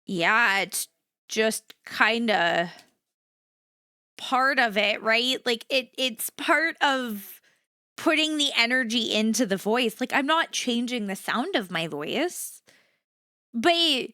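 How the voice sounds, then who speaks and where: Animated woman streamer with a bright voice. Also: a little slow, dry recording, clean studio sound. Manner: animated, shifts between bright energetic and low flat delivery. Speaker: VTuber streamer. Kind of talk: casual live-stream chat.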